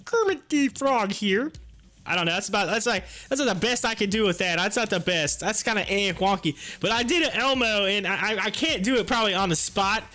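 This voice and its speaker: Giggly high-voiced man chatting live. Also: quick pace, hardly any pauses, sharp tone. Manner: chatty, laughs often, rambling restarts. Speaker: live-stream host. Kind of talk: casual live-stream chat. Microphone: headphones on.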